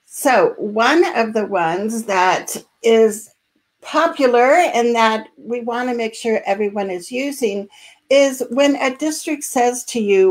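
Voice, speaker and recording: A woman hosting a live online training, speaking in a calm, assertive and encouraging way, with frequent filler words. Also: a little high, slow. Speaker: host and special education advocacy trainer.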